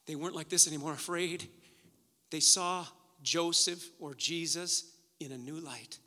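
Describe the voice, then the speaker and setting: A man preaching a sermon, swinging from loud, urgent delivery to hushed near-whispers. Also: a little high, steady tone, measured pace, big-room sound.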